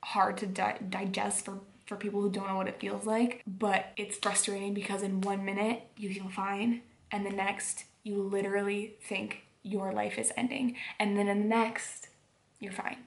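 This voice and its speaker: A woman's voice: mid-range voice, flat delivery, normal speed. A young woman vlogger telling a personal story at home at bedtime, rambling with lots of fillers. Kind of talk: casual storytelling vlog.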